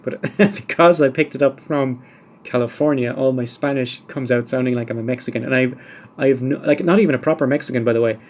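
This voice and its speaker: A man talks alone into the mic, working through listener questions in a dry, wry, wandering way. His pitch sits in the middle of the male range. A faint noise hums behind him. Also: a little fast. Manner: dry, wry, musing asides. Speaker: podcast host. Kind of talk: solo podcast monologue answering listener questions.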